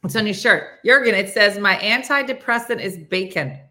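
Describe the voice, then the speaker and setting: A woman's voice: mid-range voice, lively intonation, normal speed, sharp tone. A woman hosting a casual morning live stream, chatty and rambling, laughing often and reading viewer comments aloud.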